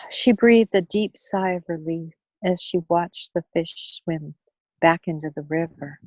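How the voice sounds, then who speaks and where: A woman speaker on money wellness, telling a story in an earnest, gentle way and often repeating words as she goes. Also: on the low side, unhurried, dry recording, poor audio. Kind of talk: storytelling in a talk.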